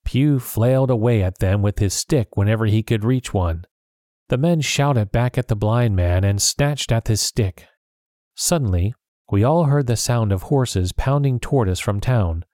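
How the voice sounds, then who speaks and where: A man narrating a storybook chapter in a steady, plain first-person reading. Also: fairly low pitch, measured pace, no echo, clean studio sound. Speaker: audiobook narrator.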